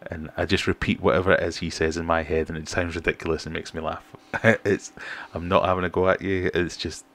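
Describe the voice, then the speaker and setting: A middle-aged British man hosting a relaxed livestream, chatting and reading out viewer comments in a self-deprecating way. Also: low-pitched, fairly quick. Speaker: fishkeeping livestream host. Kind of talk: casual livestream chat.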